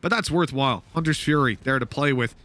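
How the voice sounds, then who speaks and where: A man's voice: medium pitch, brisk, background noise. A man casting an esports match, calling the action with joking, self-mocking banter. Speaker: esports caster. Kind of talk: play-by-play commentary.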